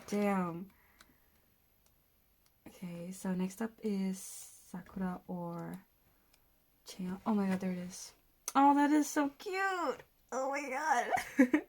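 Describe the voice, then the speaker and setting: A nineteen-year-old woman from Denmark, chatting casually and excitedly while unboxing, often gasping, giggling and swearing. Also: medium pitch. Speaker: vlogger.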